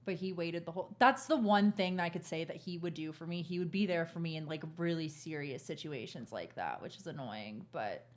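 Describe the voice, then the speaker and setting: A woman's voice: deep voice, brisk, few pauses. A young woman co-hosting a podcast, telling a personal story in a frank, profane, laughing casual chat. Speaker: podcast co-host.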